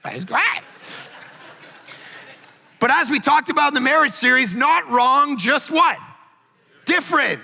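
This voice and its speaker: A man in middle age delivers a chatty, story-driven sermon in a high, bright voice with a gravelly edge. He slips into little acted asides as he goes. The sound carries the long reverb of a church hall. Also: normal speed. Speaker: pastor. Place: church sanctuary.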